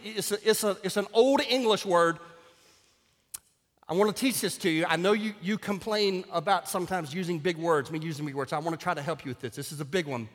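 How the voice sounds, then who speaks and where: A man preaching a sermon as pastor, telling stories with wry humor that builds to loud exclamations. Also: high-pitched, fairly quick. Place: church sanctuary. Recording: long hall reverb.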